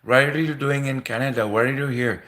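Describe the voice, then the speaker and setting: A man's voice: mid-range voice, fairly even intonation, brisk, fairly bright tone, voice pushed up, natural voice. A man putting on a thick Indian-accented border agent. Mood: suspicious. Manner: thick accent, interrogating, repetitive questions. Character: suspicious pushy male immigrant border agent.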